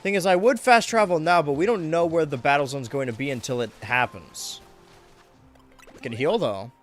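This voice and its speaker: A young man casually commenting on his gameplay as a streamer, chatty and self-mocking, with sudden loud outbursts and a voice getting worn. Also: fairly high pitch, fairly quick, soft background music.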